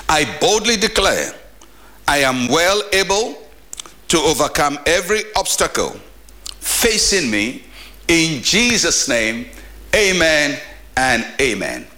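A man preaching as a pastor in a short daily devotional sermon, emphatic, with animated rises. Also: a little high.

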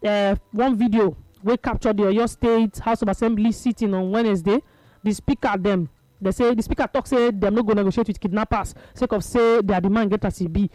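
A man's voice: high voice, fairly even intonation, brisk, mellow, dry recording, low-quality recording. A man with a Nigerian Pidgin accent hosting a call-in radio talk show, chatting and reading out listeners' texts. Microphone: studio microphone.

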